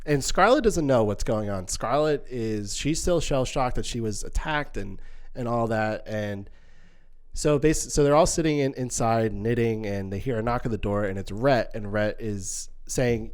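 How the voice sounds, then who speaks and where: In a laid-back film chat, this young co-host speaks at medium pitch and a moderate pace. He recounts scenes in lengthy detail, acts out quoted lines, and frequently starts his sentences over.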